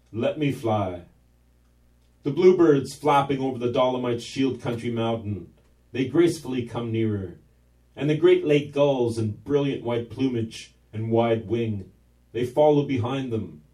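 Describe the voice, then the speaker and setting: A man tells a drifting, fanciful story in a mellow, warm voice at an easy middle pitch. He wanders off into asides to his listeners. The sound is roomy and echoey, as if he sits a little way back from the mic. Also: a little slow. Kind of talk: scripted narration. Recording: roomy echo, distant mic.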